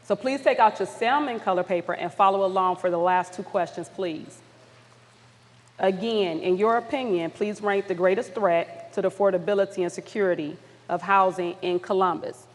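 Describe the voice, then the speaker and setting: A woman's voice: medium pitch, moderate pace. Woman facilitator in a reverberant hall. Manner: upbeat, encouraging, apologetic when flustered. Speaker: summit facilitator. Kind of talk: leading audience polling at a summit. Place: large conference hall.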